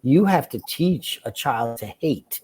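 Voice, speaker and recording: A man's voice: medium pitch, animated, a little slow, a little mellow, slightly rough. A man being interviewed as a guest, explaining his ideas in a reflective, conversational way. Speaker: guest, children's book author.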